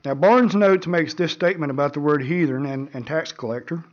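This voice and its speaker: A male preacher delivers his sermon in an earnest, measured way, now and then stumbling over and repeating a word. His voice sits slightly on the high side. The recording sounds dull and low in fidelity. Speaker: pastor.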